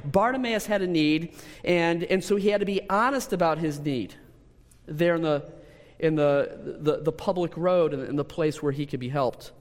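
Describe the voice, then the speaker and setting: A man preaching a sermon, telling a personal story with lively repetitions and restarts. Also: fairly high pitch, normal speed. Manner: storytelling, animated, with repeated words and restarts. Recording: long hall reverb.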